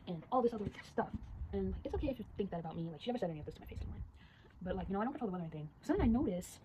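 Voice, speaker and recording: A teenage girl chatting casually and rapidly, telling a story while drawing and acting out the voices of the people in it. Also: medium pitch, expressive, dark tone, slight background noise, low-quality recording. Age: teens. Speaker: storyteller vlogger.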